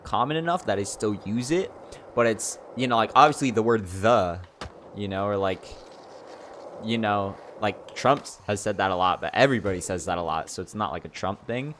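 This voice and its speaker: A man's voice: lowish voice, a bit bright, a little hiss or hum. A young man chatting casually on a livestream, rambling and filling his talk with "like" and "you know". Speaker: streamer.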